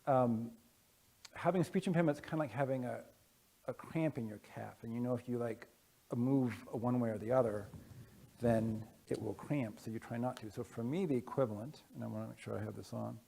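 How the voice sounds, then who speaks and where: A man with a gravelly, creaky voice talks casually to a conference audience. He speaks haltingly, stopping often on fillers and restarting his sentences. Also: medium pitch, warm tone. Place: conference room. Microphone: wearing headphones with a masking device.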